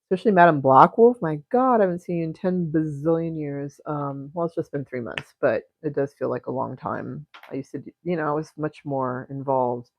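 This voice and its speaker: A woman's voice: low-pitched, a little fast, few pauses. A woman hosting a live stream while she paints at home, talking in a rambling, giggly, profane way and often cutting herself off. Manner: rambling, giggly and profane, with frequent self-interruptions. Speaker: livestream painter and host. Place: home studio. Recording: dull lo-fi stream audio.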